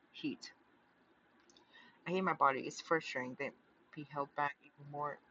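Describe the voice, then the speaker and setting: A man's voice: on the high side, sharp tone, muffled recording, a little hiss or hum. A man reading a visual novel aloud, often stumbling and restarting, with chatty asides.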